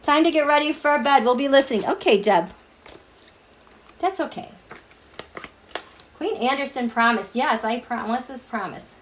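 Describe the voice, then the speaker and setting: A woman hosting a tarot livestream at night, chatting casually with viewers, animated, laughing often and reading their comments aloud. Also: sits high, normal speed, pauses often. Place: home, at night.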